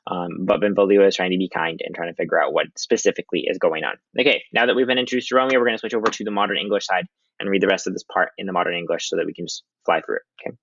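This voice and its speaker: A male teacher talks through a literature lesson in a chatty, casual way, leaning on lots of ums. His voice sits low, and the recording sounds dull and dry, as if made close up. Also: rapid-fire, fairly bright tone, slightly rough, dry recording.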